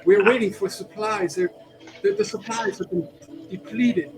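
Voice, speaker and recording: A man's voice: high voice, normal speed, noisy background, voice pushed up, close to an everyday voice. A man playing a worried village wife. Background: background music.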